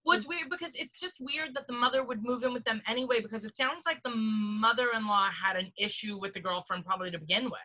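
A woman with a bright, forceful voice tells a rambling anecdote on a comedy podcast. She leans hard on "like" and keeps the tone loose and chatty. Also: a little high, fast talker, few pauses. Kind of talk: casual comedic storytelling.

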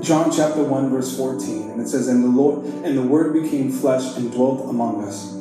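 A man preaching to a congregation as pastor, lively and joking, calling out for the crowd to respond. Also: mid-range voice, normal speed. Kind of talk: sermon with humorous stories. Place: church service. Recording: echoey room with music behind.

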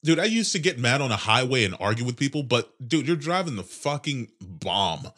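Young male podcast host, congested nose, sarcastic profane rambling, lively pitch. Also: fairly quick. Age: 20s. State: congested nose, clearing throat. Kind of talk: casual solo podcast rant.

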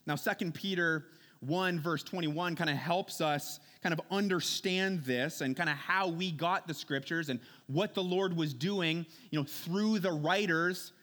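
A man's voice: a little high, a little slow, fairly bright tone. A man preaching a conversational sermon, earnest, posing rhetorical questions and repeating key words.

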